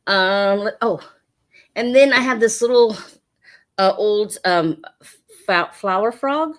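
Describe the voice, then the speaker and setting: A woman hosting an online sale, talking casually and rambling with lots of fillers as she prices each item. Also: fairly low pitch. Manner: chatty, rambling, with many fillers. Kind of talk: casual live sale patter.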